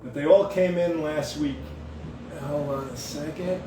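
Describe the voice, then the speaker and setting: A man hosting a live-stream puppet show, talking in a rambling, halting way. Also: a little high, steady tone, noisy background. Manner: rambling, halting, many fillers. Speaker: host and puppeteer. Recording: echoey room, voice far from mic.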